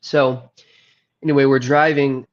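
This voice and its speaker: A man candidly recounting a hard personal story, earnest and halting, with frequent trailing pauses. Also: mid-range voice, little pitch movement. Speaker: guest recounting his addiction and recovery. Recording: slightly muffled lo-fi audio.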